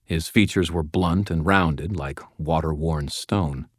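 Deep-voiced man narrating a story. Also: takes it slowly, no room sound. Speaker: audiobook narrator. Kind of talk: scripted first-person narration. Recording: dry close studio mic.

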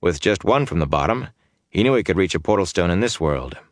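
A man narrating a fantasy novel in an even, measured reading on a close mic. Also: low voice, no room sound. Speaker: audiobook narrator. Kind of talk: scripted narration.

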